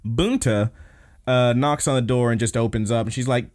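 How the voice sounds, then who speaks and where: A man's voice: medium pitch, fairly even intonation, fast talker, a little mellow. A man hosting a podcast, casually recapping an episode, laid-back and swearing freely. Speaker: podcast host.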